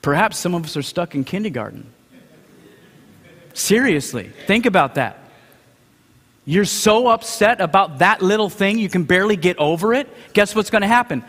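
Middle-aged male preacher with a high voice, dramatic and animated, in a big reverberant hall. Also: normal speed. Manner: dramatic, acts out quotes, swings from hushed to shouting. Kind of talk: sermon.

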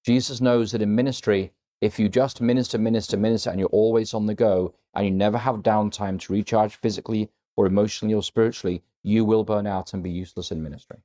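A man's voice: on the low side, fairly even intonation, fast talker, hardly any pauses, warm tone. A man preaching a sermon, earnest and emphatic, stressing words differently as he retells scripture. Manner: earnest, emphatic, varies emphasis when quoting.

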